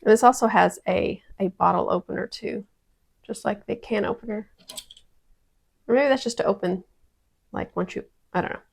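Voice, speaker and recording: A woman's voice: medium pitch, normal speed, gravelly, pauses often, slightly rough. A woman casually testing kitchen gadgets at home, chatty and prone to dramatic exclamations. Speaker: product-testing vlogger. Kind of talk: casual kitchen product review.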